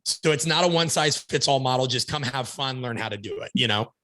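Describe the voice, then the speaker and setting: A man speaking as a podcast guest, telling stories in an animated, emphatic way and acting out bits of dialogue. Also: medium pitch, brisk. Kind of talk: energetic conversational storytelling.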